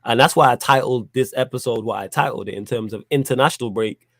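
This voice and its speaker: Relaxed man hosting, dry close sound. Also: medium pitch, fast, no echo. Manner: short agreeing interjections, relaxed. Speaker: podcast host. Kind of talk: casual chat.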